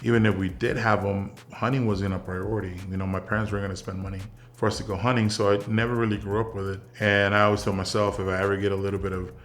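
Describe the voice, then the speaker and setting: A young man from South Texas, an interview guest and military veteran, telling casual stories in a relaxed, rambling way with many fillers. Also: fairly low pitch, fast talker, hardly any pauses.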